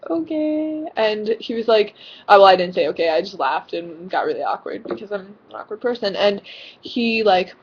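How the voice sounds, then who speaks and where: A woman's voice: mid-range voice, a little fast, breathy edge, muffled recording. A teenage girl vlogging casually from her bedroom, rambling with lots of fillers and giggles. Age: teens. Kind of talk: casual vlog chat. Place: own bedroom.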